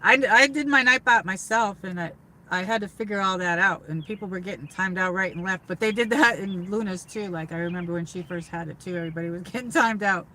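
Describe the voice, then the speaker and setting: A woman from upstate New York hosts a casual livestream from her car. Her voice is bright and forward, and she rambles along with plenty of fillers and restarts. A faint hum of noise sits behind her. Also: mid-range voice, fast talker, low-quality recording. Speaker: livestream host.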